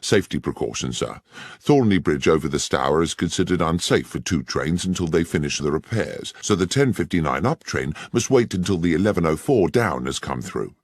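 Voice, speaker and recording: A man doing a gruff, deferential stationmaster. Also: deep voice, expressive, normal speed, no echo, clean studio sound, heavily acted. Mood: matter-of-fact. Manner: plain, deferential and matter-of-fact. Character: plain-spoken rural railway stationmaster.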